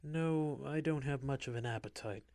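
A woman's voice: a bass voice, normal speed, mellow, no echo, pitched above the performer's own voice. A man voicing a nervous, hesitant young female prisoner in a spoken story. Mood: anxious.

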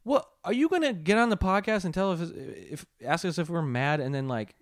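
A man in casual podcast chat, talking in an animated, mocking way and swearing often. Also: a little high, brisk, no echo, clean studio sound. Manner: animated, profane, mocking impressions. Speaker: podcast co-host.

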